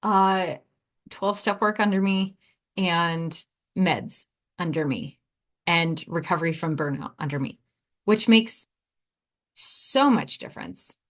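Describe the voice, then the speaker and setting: Candid woman telling her own story. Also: fairly low pitch. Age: adult, four and a half years sober. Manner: candid, rambling, with quick asides and acted-out quotes. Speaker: podcast host. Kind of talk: personal storytelling.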